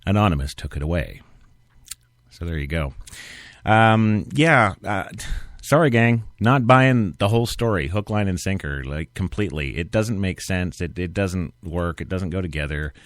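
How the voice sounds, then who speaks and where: Host: man, low voice, very lively pitch, sarcastic news commentary, dry close sound. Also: moderate pace, no room sound. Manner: sarcastic, rambling, animated. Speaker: radio show host. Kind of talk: internet talk radio commentary.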